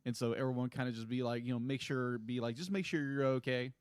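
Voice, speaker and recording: A man's voice: medium pitch, steady tone, clean tone, no echo, clean studio sound. A man co-hosting a podcast, chatting casually about a cartoon episode, rambling and restarting his sentences. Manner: rambling, halting with many restarts and fillers. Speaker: podcast co-host. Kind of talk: casual chat.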